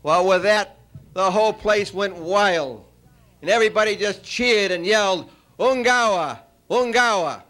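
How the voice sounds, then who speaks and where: A man giving a farewell after-dinner speech, telling a long joke with frequent pauses and fillers. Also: sits high, fairly bright tone. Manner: storytelling, halting with many uh fillers.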